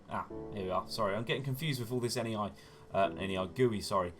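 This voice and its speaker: Low-voiced man narrating gameplay. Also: fast, over music. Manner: chatty, self-correcting, often says "wonderful". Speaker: gaming channel host. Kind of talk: gameplay commentary.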